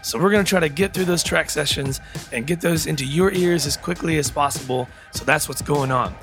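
A man's voice: on the high side, a little fast, fairly bright tone, faint music behind. A man hosting a podcast, giving an enthusiastic introduction to the episode. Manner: upbeat, enthusiastic. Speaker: podcast host.

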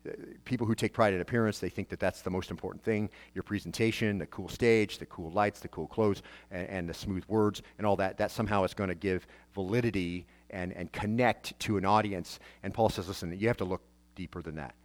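A man's voice: sits low, fairly even intonation, fairly quick. A man, a pastor, preaching a sermon in a conversational way, asking rhetorical questions and often restarting his phrases.

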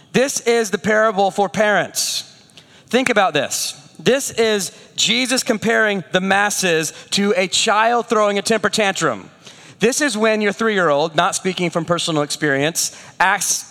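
Lively, high-voiced male preacher. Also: in a large hall. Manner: animated, storytelling, rhetorical questions. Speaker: pastor. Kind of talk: sermon.

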